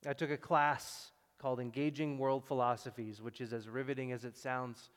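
A man preaching a sermon in a relaxed, conversational way, acting out quotes and adding wry asides. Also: medium pitch, moderate pace. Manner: conversational, acts out quotes, self-deprecating asides. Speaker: pastor. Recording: long reverb in a large hall.

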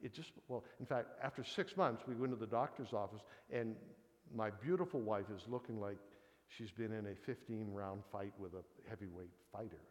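A man's voice: fairly low pitch, normal speed. A man in his sixties giving a conversational sermon, telling a personal story in a folksy way. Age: 60s. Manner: folksy, storytelling, frequent "kind of thing" asides. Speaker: preacher. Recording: long reverb of a large hall.

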